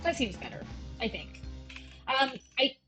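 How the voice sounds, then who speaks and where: A woman's voice: sits high, very animated, measured pace, rough recording. Chatty woman with a Valley Girl voice. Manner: rambling, chatty, self-deprecating. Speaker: gameplay streamer. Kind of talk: casual gameplay commentary. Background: faint game music.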